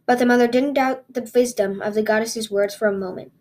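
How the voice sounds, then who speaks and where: A woman's voice: a little high, steady tone, a little fast, darkish tone. A woman hosting a podcast, reading fairy tales aloud expressively with small stumbles and restarts. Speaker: podcast host and storyteller.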